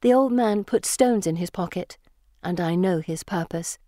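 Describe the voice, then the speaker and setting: A woman reading a first-person storybook in a measured, lyrical way. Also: fairly low pitch, mellow, dry recording, clean studio sound. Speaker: audiobook narrator.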